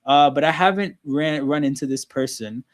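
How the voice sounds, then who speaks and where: Hosting a casual stream where viewers watch sports together, a man from Canada speaks at normal speed in a voice on the high side. He chats loosely, with frequent "like" and "right?" throughout.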